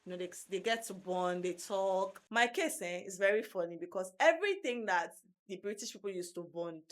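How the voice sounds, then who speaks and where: Animated Nigerian woman vlogger. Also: medium pitch, moderate pace. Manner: animated, emphatic, repeats words for stress. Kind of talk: casual advice monologue.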